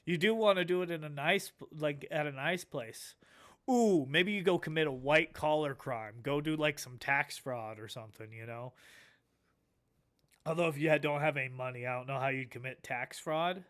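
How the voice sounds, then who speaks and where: Chill streamer dude, laughs a lot, swears, kinda high voice. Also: male voice, normal speed, a bit bright. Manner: laid-back, swears a lot, laughs often. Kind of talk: casual stream reaction.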